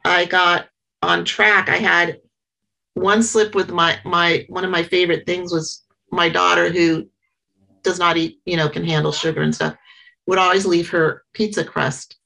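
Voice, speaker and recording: Halting, earnest woman with a gravelly low voice. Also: little pitch movement, sharp tone, low-quality recording. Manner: halting and earnest, many pauses and restarts. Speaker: member sharing at a support meeting. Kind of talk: personal share at a small meeting.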